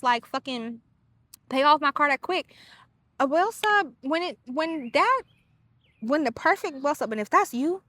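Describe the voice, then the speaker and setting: A woman hosting her own podcast, talking in a casual solo monologue that is blunt, profane and animated. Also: high voice, no room sound. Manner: blunt, profane and animated, with quick quoted asides. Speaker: podcast host.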